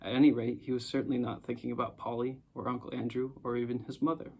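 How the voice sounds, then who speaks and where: A man narrating a storybook chapter in a calm, measured reading. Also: medium pitch, husky. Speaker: audiobook narrator.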